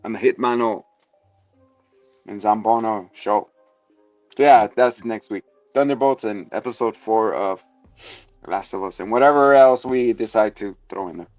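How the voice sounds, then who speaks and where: A man's voice: on the low side, normal speed, long pauses, darkish tone, no room sound, faint music behind. Joking male podcast host, lo-fi sound. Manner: joking, rambling, playful. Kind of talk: casual comedic review chat.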